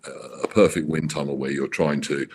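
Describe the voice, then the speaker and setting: A middle-aged man, a racing car designer, telling stories in an interview with halting restarts and acted-out quotes. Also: very deep voice, steady tone, a little hiss or hum. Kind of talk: animated storytelling interview.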